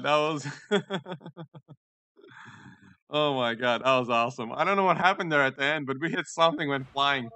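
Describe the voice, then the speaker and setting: A young man giving casual, excitable commentary over a racing game, joking and giggling as he drives. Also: a little high, a little slow, pauses often. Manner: excitable, giggly, jokey running chatter. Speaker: gaming YouTuber.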